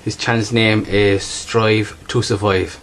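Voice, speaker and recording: A man's voice: lowish voice, level tone, slow pace, a little hiss or hum. A man with a strong regional accent, chatting casually through an unboxing as a bushcraft vlogger and repeating himself often.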